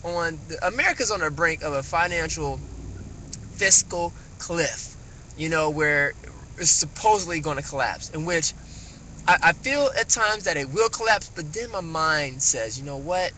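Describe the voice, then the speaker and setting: A man ranting casually on a phone livestream, rambling with many fillers and animated rises. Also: on the high side, moderate pace, rough recording. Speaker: vlogger. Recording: phone mic with faint car noise.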